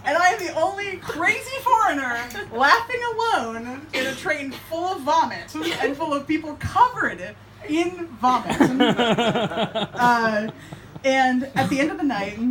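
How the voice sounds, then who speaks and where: Young woman, live bar storyteller, animated and giggly, slightly high voice. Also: slight background noise. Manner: laughing, animated, filler-heavy.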